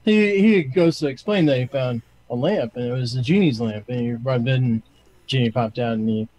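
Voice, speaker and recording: A man casually telling a genie joke in a halting way, with many fillers. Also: medium pitch, darkish tone, rough recording. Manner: halting, filler-heavy storyteller.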